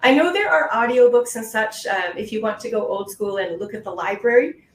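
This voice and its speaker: A woman's voice: fairly high pitch, a little fast. A woman test-prep instructor answering questions on a webinar in a patient, reassuring, explanatory way, over a video call. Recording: roomy echo.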